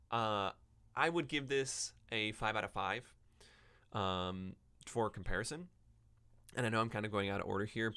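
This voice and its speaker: Man, podcast host, unscripted casual chat, rambling with ums, slightly low voice, crisp tone. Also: pushed and bright. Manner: rambling, with many ums and self-corrections. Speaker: podcast host reviewing books.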